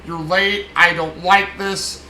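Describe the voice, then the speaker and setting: A man's voice: high-pitched, little pitch movement, slow pace, sharp tone, echoey room, slight background noise, full character voice. A man doing a whiny panicky financier. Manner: whining, complaining.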